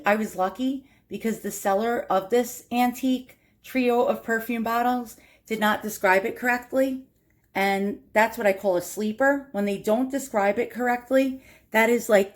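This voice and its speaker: Chatty New York woman. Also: mid-range voice. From Queens, New York. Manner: chatty, self-deprecating, laughs often. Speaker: antiques collector vlogger. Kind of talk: casual show-and-tell vlog.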